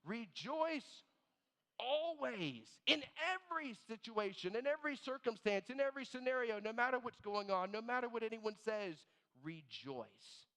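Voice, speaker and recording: A man preaching a sermon as pastor, animated and storytelling, dropping low and quiet on key words. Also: moderate pace, clear, resonant tone. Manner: animated storyteller, acts out both sides of little scenes. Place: church sanctuary. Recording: long reverb of a church hall.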